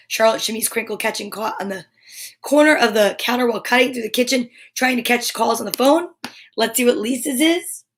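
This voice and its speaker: A woman's voice: a little high, a bit bright. A woman hosting a live story time show, chatting casually with viewers in a bubbly, playful way and reading tongue twisters aloud.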